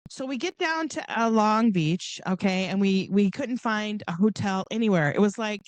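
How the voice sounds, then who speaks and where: A middle-aged Southern Californian woman, appearing as a podcast guest, casually relates a long personal story. She's animated, acting out the voices of the people involved with big jumps in pitch. She talks at normal speed, with no room sound.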